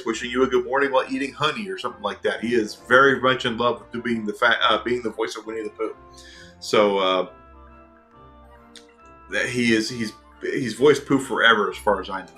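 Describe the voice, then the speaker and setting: A chatty, excitable young man giving casual commentary while playing a video game. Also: medium pitch, moderate pace, soft background music. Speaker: gaming video host. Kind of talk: casual let's-play commentary.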